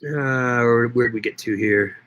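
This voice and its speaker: A man's voice: medium pitch, unhurried, fairly bright tone, no room sound. A man hosting a casual livestream, chatting with viewers, reading their comments aloud and often repeating his words. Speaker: livestream host answering chat.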